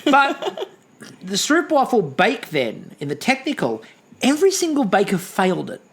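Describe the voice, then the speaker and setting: A man's voice: high voice, wildly swooping pitch, unhurried, vocal fry, breathy edge. A man co-hosting a podcast, recapping in casual chat with lots of ums and dry asides. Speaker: podcast co-host.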